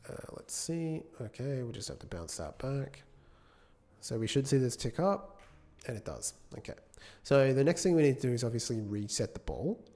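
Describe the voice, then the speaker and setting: A British game developer does casual live-coding commentary, thinking aloud, correcting himself and chatting with viewers between tasks. His mid-range voice is sing-song and dark-toned at a moderate pace.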